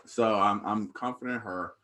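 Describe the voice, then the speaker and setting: Young male podcast co-host, low voice, laid-back storyteller who laughs as he gets riled up. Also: steady tone, normal speed, pushed and bright. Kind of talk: casual storytelling.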